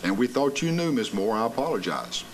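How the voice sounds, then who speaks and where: A man's voice: medium pitch, sing-song, brisk, slight background noise, low-quality recording. A man with a Southern American accent chairing a county commission meeting, calling votes in a formal, procedural way. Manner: formal, procedural vote calls.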